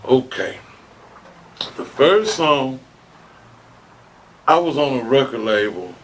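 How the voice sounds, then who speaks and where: A man's voice: mid-range voice, takes it slowly. A man telling a long story as an interview guest, cursing freely and acting out the quotes. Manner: animated storyteller, swears freely, acts out quotes.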